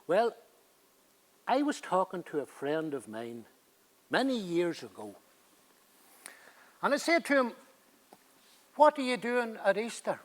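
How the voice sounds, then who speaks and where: An older man, telling stories and reciting verse in a playful, lively way. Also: sits high, takes it slowly, long pauses. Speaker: poet. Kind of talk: theatre dialogue and poem recital.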